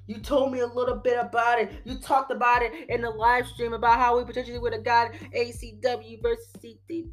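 A man's voice: very high-pitched, fairly bright tone. A man voicing an angry, betrayed longtime male fan who scolds and rants in slang. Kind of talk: reading an email aloud in character.

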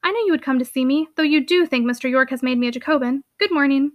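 A woman's voice: high-pitched, quick pace, close to an everyday voice. A woman voicing a graceful, spirited young heiress who speaks frankly and lightly, in a storybook reading. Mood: frank, lively. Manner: frank and lively.

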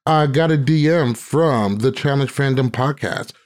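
A man's voice: medium pitch, measured pace, darkish tone. A man hosting a podcast, ranting emphatically and swearing freely in casual chat. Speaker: podcast host.

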